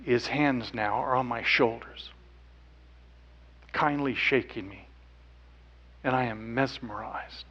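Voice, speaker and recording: A man speaking on stage, telling a personal story earnestly, dropping to hushed tones at times. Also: medium pitch, slow pace, pauses often, muffled recording, a little hiss or hum. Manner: earnest, with quiet hushed stretches. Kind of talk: emotional storytelling talk.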